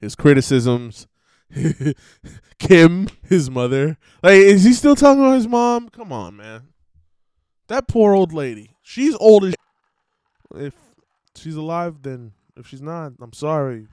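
A man's voice: fairly high pitch, very animated, unhurried, darkish tone, smooth, dry recording. A man hosting a show, giving rambling casual commentary and laughing between thoughts. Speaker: podcast host.

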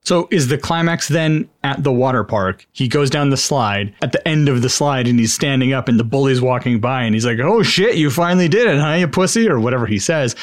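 A man's voice: mid-range voice, brisk, few pauses, no room sound, clean studio sound. A man co-hosting a podcast, chatting casually and thoughtfully, swearing freely as he brainstorms a movie plot. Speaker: podcast co-host. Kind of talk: casual chat.

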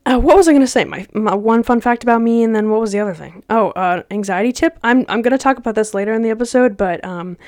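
A woman's voice: on the high side, fast, few pauses, a little mellow, no echo, clean studio sound. A young adult woman hosting a casual solo podcast, chatty and slangy with laughs. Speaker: podcast host.

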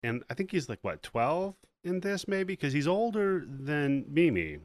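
A man's voice: on the high side, measured pace, no room sound. A young man, a podcast host, casually recapping a film plot and acting out the characters' lines. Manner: animated retelling with quoted voices. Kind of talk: casual movie recap chat.

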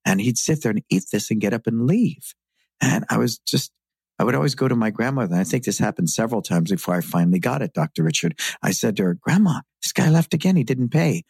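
A man's voice: on the low side, fast, vocal fry, a little mellow, breathy edge, no echo. A middle-aged man from San Francisco, a martial arts school owner telling his story with earnest reflection in a podcast interview.

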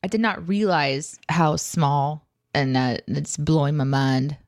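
A woman co-hosting a casual livestream chat, teasing her co-hosts in an animated way. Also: low-pitched, slow pace, no echo, clean studio sound. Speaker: co-host.

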